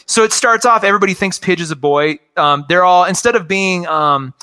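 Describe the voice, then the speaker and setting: Guy in his 40s geeking out on cartoons, high bright voice, lots of um and like. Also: fairly quick, clear, resonant tone. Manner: enthusiastic, rambling with many fillers. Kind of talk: casual chat about cartoons.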